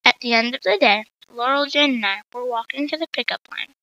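A woman reading her own short story aloud in a lively way, in a dull, dry, lo-fi recording. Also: a little high, brisk, dry recording. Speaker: story reader.

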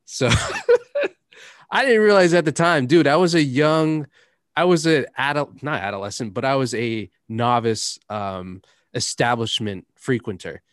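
A man's voice: medium pitch, sing-song, measured pace, no room sound. Young man, podcast host, rambling anecdotal delivery, dead-dry close mic. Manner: rambling storyteller, laughs often, drops curses. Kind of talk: casual chat.

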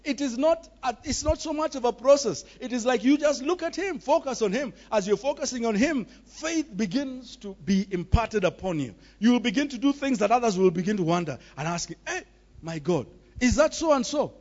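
High-voiced preacher, emphatic. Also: male voice, expressive, brisk, hardly any pauses, darkish tone, highs cut off. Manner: emphatic, repetitive, acts out voices in quotes. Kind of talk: sermon.

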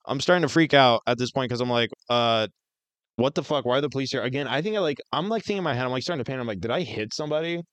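Brief: male podcast co-host, casual rambling storyteller, smooth voice, dry close mic. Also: medium pitch, very fast, fairly bright tone, no echo. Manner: rambling, heavy on fillers and swearing.

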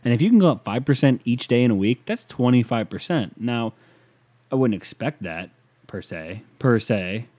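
A man with a mid-pitched voice rants alone into a podcast microphone. He rambles from point to point and swears freely, with a mocking edge. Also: lively intonation, moderate pace, a little mellow. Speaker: podcast host. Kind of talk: casual solo podcast rant.

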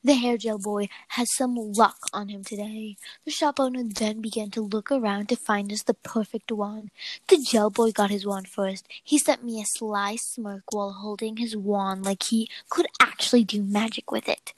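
A young woman reading a story aloud with a friend, playful and quick to break into giggles. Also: medium pitch, fairly even intonation, poor audio. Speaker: story reader.

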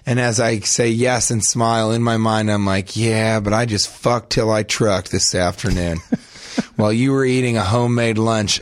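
A young adult man co-hosting a comedy podcast, telling absurd stories in a deadpan way and breaking into shrieking voices. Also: lowish voice, moderate pace. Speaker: podcast co-host.

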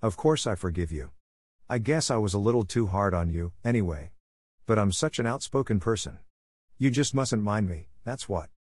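A man's voice: on the low side, lively intonation, moderate pace, a little mellow, dry recording, clean studio sound. A man voicing an outspoken older woman neighbor who talks heartily and bluntly. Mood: hearty.

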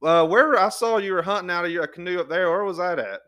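A man's voice: sits high, fast talker, fairly bright tone. A man hosting a podcast, folksy and eager in a casual chat. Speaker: podcast host.

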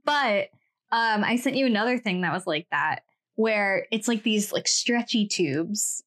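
A woman's voice: mid-range voice, animated, unhurried, fairly bright tone. Woman, podcast co-host, casual chat, teasing, playful. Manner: playful teasing, quotes others.

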